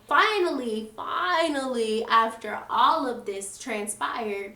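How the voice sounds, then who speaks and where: A young woman telling a storytime to her viewers, animated and full of swearing, chatting to the audience as y'all. Her voice is high, and the room around her is echoey. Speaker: storytime vlogger. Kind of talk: casual storytelling.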